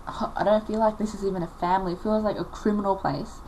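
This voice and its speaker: A woman's voice: medium pitch, fairly even intonation, fast, background noise. Emotional teenage girl venting on a vlog. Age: late teens. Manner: emotional, rambling, many filler likes. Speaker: vlogger. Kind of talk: confessional vlog.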